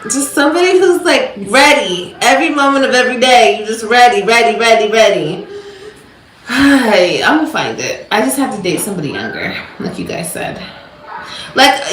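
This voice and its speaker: A woman talking loosely to her viewers in an animated, rambling live chat. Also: on the high side, moderate pace, reverberant, slight background noise, rough recording. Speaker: livestreamer.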